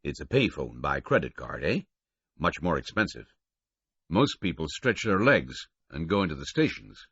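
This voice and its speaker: An ironic, easygoing middle-aged train conductor who drawls and keeps ending his sentences with a questioning "eh", read by a man. The voice is low and husky. The audiobook sound is dry and a bit dull. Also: sing-song, fairly bright tone, no room sound, exaggerated voice. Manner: drawn-out, wry, ends statements with a questioning "eh".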